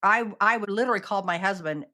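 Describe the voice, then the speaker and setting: A woman's voice: medium pitch, fast talker, bright, forceful tone. A woman guest on an interview podcast telling a personal story earnestly and acting out the quoted exchanges.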